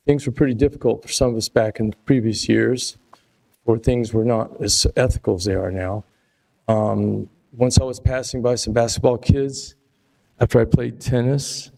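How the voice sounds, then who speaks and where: A man's voice: fairly low pitch, gravelly, dark tone. An older man giving a rambling, aggrieved public comment at a podium microphone in a city hall meeting chamber. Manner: rambling and aggrieved, loses his place. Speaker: resident making public comment.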